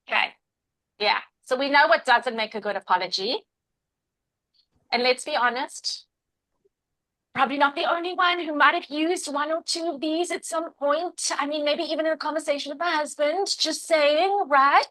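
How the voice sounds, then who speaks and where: Upbeat bright-voiced woman teaching a class. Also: high voice, normal speed, low-quality recording. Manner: upbeat, encouraging, calls on participants by name. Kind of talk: interactive class talk.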